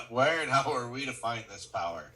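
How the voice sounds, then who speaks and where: A man in a recovery workshop reading passages aloud at a steady pace. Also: medium pitch, moderate pace, over a noisy crowd, poor audio. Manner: reads text aloud steadily.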